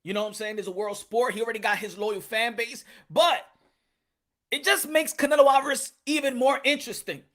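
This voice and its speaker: A man running his own boxing commentary channel, with a high, bright and forceful voice. He talks in a loose, slangy, animated way, stacking up repeats and jokes as he rants to his viewers. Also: a little fast. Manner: animated, slangy, repetitive, joking. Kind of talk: casual commentary vlog.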